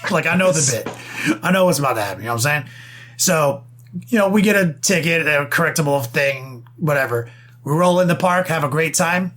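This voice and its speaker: A young man chats on a podcast, rattling off a swear-laden story. His voice sits a touch high for a man. He talks in fast, excited bursts. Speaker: podcast co-host. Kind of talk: casual podcast banter.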